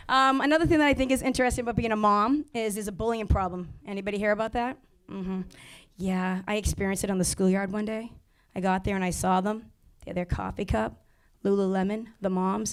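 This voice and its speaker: A woman in her thirties doing a stand-up set about motherhood, sassy and acting out little exchanges. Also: mid-range voice. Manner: brisk, sassy, acts out characters. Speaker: stand-up comedian. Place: comedy club stage.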